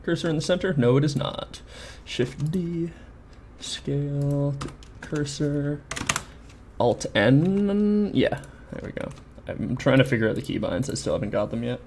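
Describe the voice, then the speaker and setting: A man's voice: a little high, lively intonation, measured pace, darkish tone, slight background noise. A man streaming his game development work, muttering casually to himself and thinking aloud as he models, chatting now and then. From Canada. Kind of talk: casual live-stream commentary while 3D modeling.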